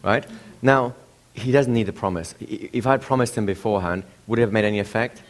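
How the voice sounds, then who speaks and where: Low-voiced man telling a lecture story. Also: brisk. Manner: animated, rhetorical questions to the audience. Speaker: seminar presenter.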